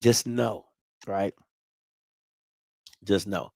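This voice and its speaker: Animated trash-talking man. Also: fairly high pitch, moderate pace, dry recording. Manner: animated, trash-talking, repeats himself, rhetorical questions. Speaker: podcast host. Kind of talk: casual sports talk show.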